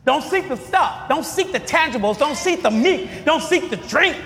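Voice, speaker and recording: A man preaching a sermon, asking the congregation to finish his lines and breaking into shouts. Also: very high-pitched, lively intonation, normal speed, hardly any pauses, faint music behind. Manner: call-and-response questions, bursts of shouting. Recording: long reverb of a large hall.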